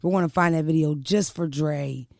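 A young adult woman hosting a podcast, telling her story in a casual chat. She speaks in a brash, profane, animated way. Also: sits low, moderate pace, creaky, no room sound, clean studio sound. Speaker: podcast host.

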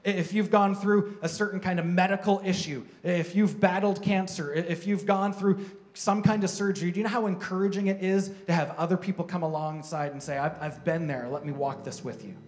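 A man's voice: high-pitched, darkish tone. A man preaching a sermon as pastor in a church, earnest and encouraging, often repeating words as he pushes a point. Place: church sanctuary. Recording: music playing behind voice. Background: guitar music.

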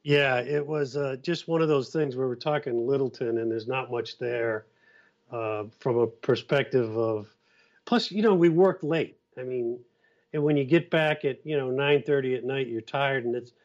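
A man tells stories in an easy, relaxed way as a podcast guest, with plenty of fillers. The audio is dull and lo-fi. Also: mid-range voice, moderate pace. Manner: relaxed storyteller, many fillers. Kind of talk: casual podcast chat.

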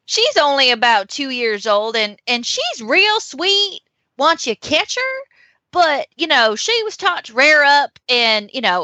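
A woman's voice: high-pitched, sharp tone, no room sound, heavily acted. A woman voicing a folksy Southern woman with a Southern US accent, reading a horse ad in a chatty, drawling, sweet way.

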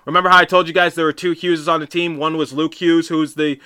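A man's voice: a little high, flat delivery, fast talker, bright, forceful tone, clear, resonant tone. A man hosting a podcast, telling a story in a casual, rambling way with many restarts and asides. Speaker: podcast host.

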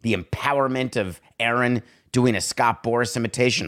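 A man's voice: medium pitch, moderate pace, hardly any pauses, a bit bright. A man hosting a sports talk show, delivering a sarcastic, exasperated monologue.

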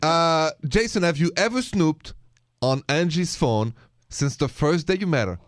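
A man co-hosting a radio talk show, playful and quick to laugh as he puts questions to his guests. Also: on the high side, expressive, dry recording, studio quality.

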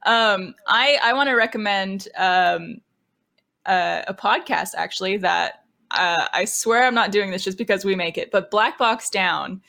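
A woman's voice: mid-range voice, a little slow, creaky, sharp tone. Upbeat woman hosting a chat podcast. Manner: upbeat, leads segments, laughs often. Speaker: podcast host.

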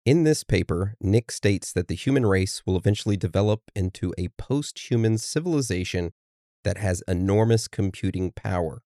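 Low male voice, podcast co-host who leads the segments, plain dry recording. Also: expressive, moderate pace, mellow, no echo. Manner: steers the episode, reads from notes. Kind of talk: casual podcast chat.

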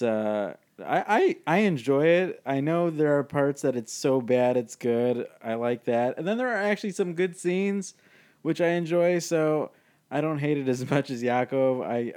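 A man's voice: medium pitch, a little slow, a little mellow, clean tone. A man co-hosting a movie podcast in casual chat, hesitant, repeating words and giggling. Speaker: podcast co-host.

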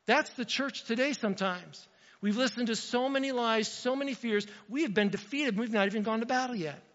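A man preaches a sermon, talking to the congregation in a loose, conversational way. His voice sits high for a man. It rings with a long hall reverb, and the sound is somewhat dull and lo-fi. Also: brisk, fairly bright tone. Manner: conversational, addresses the congregation directly. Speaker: pastor.

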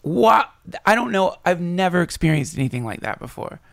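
A man's voice: high voice, big pitch swings, moderate pace, creaky, dry recording, studio quality. A man talking casually as a podcast guest, swearing freely and swinging his voice up and down as he voices his own thoughts.

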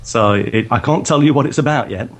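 A man, a photographer and podcaster, chatting as a guest in a halting way, with many fillers and restarts. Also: medium pitch. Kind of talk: casual podcast chat.

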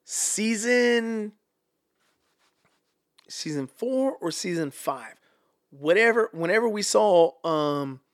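A man who is a guest on a podcast, telling stories casually in an animated way, swearing freely and acting out quotes. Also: high-pitched, slow, pauses often. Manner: animated, profane, acts out quotes. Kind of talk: casual storytelling.

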